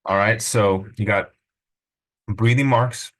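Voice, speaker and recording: A man teaching a recorded language lesson in a relaxed way, pausing with fillers and sounding out syllables slowly. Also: on the low side, low-quality recording. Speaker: Greek teacher.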